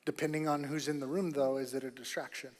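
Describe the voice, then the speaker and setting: A man preaching a sermon as pastor, emphatic and repetitive, rising to loud bursts on key points. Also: medium pitch, level tone, fast talker, in a large hall. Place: church auditorium.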